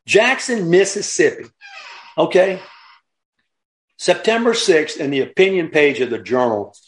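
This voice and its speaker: A man giving impassioned commentary, emphatic and digressive, repeating points and lecturing along the way. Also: on the high side. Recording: roomy echo.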